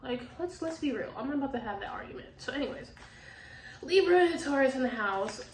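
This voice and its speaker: A woman with a high, animated voice speaks a little fast as she gives a casual tarot reading, blunt and full of swearing, laughing often. The room is echoey, the mic sits at a distance, and there's faint background noise.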